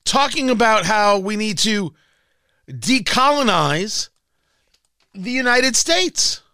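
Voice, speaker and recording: A man's voice: sits high, very animated, slow, bright, forceful tone, dry recording, studio quality. A man hosting a political talk radio show, delivering a combative, sarcastic monologue with emphatic swings.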